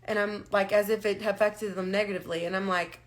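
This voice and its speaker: On a live stream picked up by a phone or webcam, a woman talks casually and candidly, frank and emotional as she holds back tears. Her voice is medium-pitched and steady, and she speaks fast.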